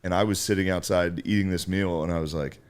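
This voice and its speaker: A laid-back man with a very low, deep voice, spinning a story in a dry, deadpan way and swearing casually as he goes. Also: fast.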